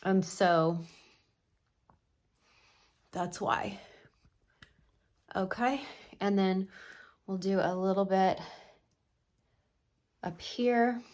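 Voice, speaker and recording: A woman's voice: mid-range voice, extremely slow, long pauses, darkish tone. A middle-aged woman talks through a makeup tutorial in a casual, chatty way. She gives her opinions freely as she works on her face. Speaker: makeup artist.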